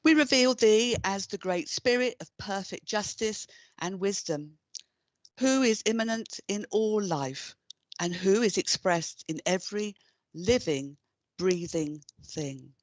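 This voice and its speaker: A woman with a British accent giving a solemn, measured reading during a church service. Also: mid-range voice, lively intonation, no echo. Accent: British English. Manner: slow, measured delivery. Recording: dry, dull lo-fi stream audio.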